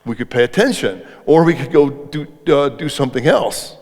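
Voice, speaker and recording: A man's voice: mid-range voice, animated, normal speed, a little mellow. A middle-aged man speaking on leadership at a live event, talking conversationally and putting questions to the audience. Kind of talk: interactive live talk to an audience. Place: event hall before an audience. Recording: reverberant hall.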